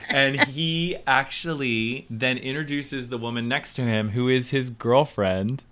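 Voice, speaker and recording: Male performer, casual storyteller, bright and clear tone, acts out quotes. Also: mid-range voice. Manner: animated storyteller acting out quotes. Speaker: Broadway performer.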